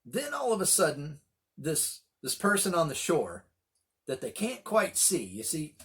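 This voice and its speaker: A middle-aged man leading a Bible study, telling the story with animated voices for the quoted lines. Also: medium pitch. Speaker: pastor.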